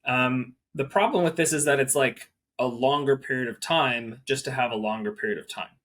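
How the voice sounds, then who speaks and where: A man speaking as a guest property manager in a casual interview, animated and peppering his talk with "like" in rapid bursts. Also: medium pitch.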